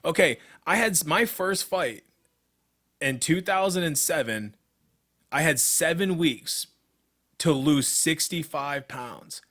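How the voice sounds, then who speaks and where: A young man with a somewhat high, expressive and slightly bright voice talks at a slow pace. He's an MMA fighter co-hosting a casual podcast, recounting his fighting career in a blunt, profane, agitated way.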